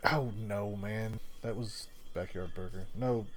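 A man's voice: on the low side, fairly even intonation, slow pace, a crowd in the background. A man telling rambling, profane work stories in casual chat, laughing often. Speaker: storyteller in casual conversation.

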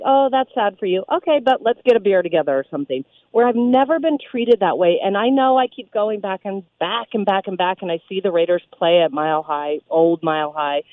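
A woman, a radio DJ, calling in to a sports radio show and telling stories with emphatic, animated delivery. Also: mid-range voice, no room sound. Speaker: radio DJ guest. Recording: tinny phone line.

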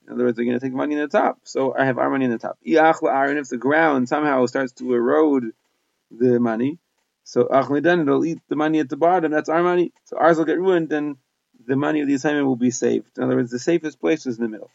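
A man teaches a Talmud lesson with a gravelly voice, reading short Aramaic phrases and then explaining them in English. The sound is dull and dry, recorded close with no room. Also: mid-range voice, fairly even intonation, quick pace, a little mellow, no echo.

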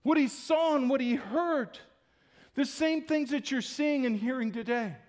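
A man's voice: very high-pitched, unhurried, darkish tone. A male pastor preaching a Sunday-morning sermon in an emphatic, conversational way.

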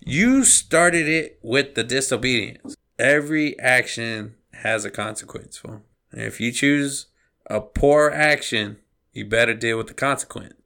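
A man's voice: medium pitch, a little slow, vocal fry, sharp tone. A man co-hosting a podcast, talking in a blunt, slangy way. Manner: blunt, slangy, calls people fool. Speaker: podcast co-host. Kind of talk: casual podcast chat.

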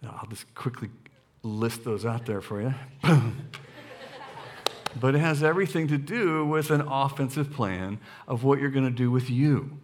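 A middle-aged man preaching a sermon as a guest speaker in a church, lively and joking, repeating lines for emphasis into a stage microphone. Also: mid-range voice, measured pace, slight background noise. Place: church sanctuary.

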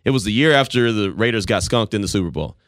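A man in his forties hosting a casual sports talk show, telling stories with animated voices. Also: lowish voice, quick pace, no room sound, studio quality. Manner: animated storytelling, acts out voices.

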